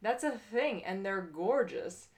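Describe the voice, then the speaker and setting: A woman's voice: mid-range voice, animated, takes it slowly, darkish tone. Chatty woman podcast co-host. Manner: chatty, laughs easily, rambling storyteller. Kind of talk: casual chat.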